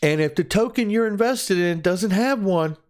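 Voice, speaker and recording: A man's voice: high voice, animated, moderate pace. A man hosting a casual crypto news show, chatty and upbeat, joking now and then and laughing at his own quips. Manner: upbeat and enthusiastic. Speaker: crypto news channel host.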